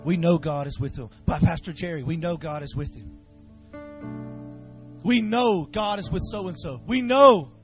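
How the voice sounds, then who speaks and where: Soft background music plays as a man preaches a fiery revival sermon at an unhurried pace. His delivery shifts from shouted exhortation to low, intense urging, and he leads the congregation in call-and-response.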